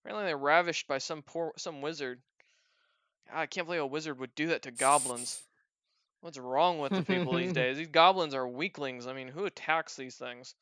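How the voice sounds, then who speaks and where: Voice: medium pitch, moderate pace, fairly bright tone, smooth, no echo, clean studio sound, natural voice. A game master voicing a chatty male bartender with rambling, offhand sales patter. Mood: gossipy.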